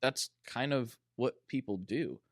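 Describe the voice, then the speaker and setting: A man's voice: mid-range voice, measured pace, dry recording, studio quality. A man co-hosting a casual podcast chat, teasing and spinning playful bits. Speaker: podcast co-host.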